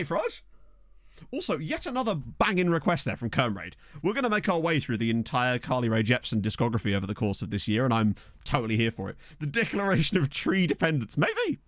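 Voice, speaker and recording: A man's voice: a little high, a bit bright, no room sound, clean studio sound. A man chatting casually on a live stream, thanking viewers and joking as he plays a football management game. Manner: chatty and jokey, thanking viewers, quick laughs. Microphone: desk microphone.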